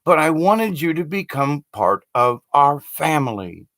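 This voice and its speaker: A man voicing a gentle male rattlesnake who is also a young man, speaking calmly and earnestly. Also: on the high side, measured pace, dry recording, clean studio sound, exaggerated voice.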